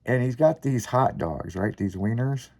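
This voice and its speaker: A man hosting a podcast, telling a long story in casual, profanity-laced chat with lively, rambling delivery. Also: mid-range voice, measured pace, gravelly. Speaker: podcast host.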